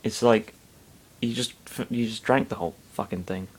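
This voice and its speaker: A man's voice: lowish voice, normal speed, slight background noise. Man, fan fiction reader, sarcastic asides, mutters, swears. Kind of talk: reading fan fiction aloud with commentary.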